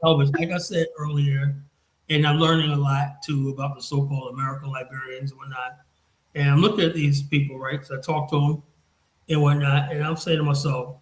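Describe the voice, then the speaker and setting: A man's voice: a little high, fairly even intonation, a little fast, reverberant, rough recording. A man hosting a podcast, talking bluntly and profanely in a heated casual discussion. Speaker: podcast host.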